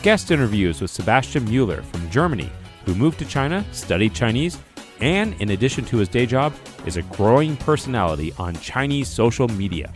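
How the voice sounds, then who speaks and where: A man's voice: mid-range voice, big pitch swings, fairly quick, faint music behind. An American man hosting a language-learning podcast in a casual, playful way, joking through his intro and reading listener reviews. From United States. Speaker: podcast host.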